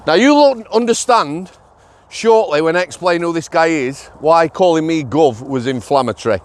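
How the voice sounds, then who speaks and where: A man's voice: fairly high pitch, expressive, normal speed. Chatty Yorkshire man, blunt storyteller. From Yorkshire, England. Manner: chatty, blunt, tag questions like "yeah?". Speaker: former prison officer vlogger. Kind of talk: casual storytelling vlog.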